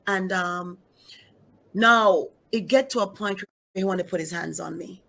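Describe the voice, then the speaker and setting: Gravelly, husky woman pastor giving testimony. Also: on the low side, unhurried, bright, forceful tone. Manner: emphatic, repeats key phrases, speaks straight to the audience. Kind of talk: emotional personal testimony in an interview.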